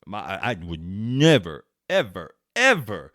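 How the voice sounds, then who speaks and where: A man's voice: fairly low pitch, lively intonation, normal speed, no room sound, studio quality. Chatty middle-aged man telling road stories. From Arizona, USA. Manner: chatty, swears freely, laughs often, restarts sentences. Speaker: vlog host. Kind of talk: casual storytelling vlog.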